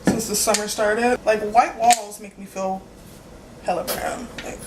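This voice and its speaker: In a slow, mid-range voice with fairly even intonation, a young woman rambles casually in her vlog, giggly and apologetic, her thoughts linked by frequent "like"s. Heavy background noise comes through, in an echoey room with faint ambience.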